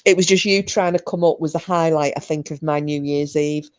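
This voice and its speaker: A chatty woman in middle age, talking casually to her livestream viewers from home. Her voice sits low and sounds mellow and dark. She laughs often and trades bawdy banter. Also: steady tone, fairly quick, clear, resonant tone. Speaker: livestream host. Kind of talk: casual chat with live chat viewers.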